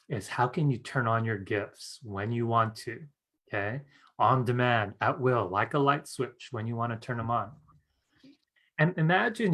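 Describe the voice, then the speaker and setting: A man's voice: mid-range voice, a bit bright. A man teaching a live-streamed class on psychic skills, chatty and earnest, often asking "right?" and laughing. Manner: chatty, fills with "you guys" and "right?".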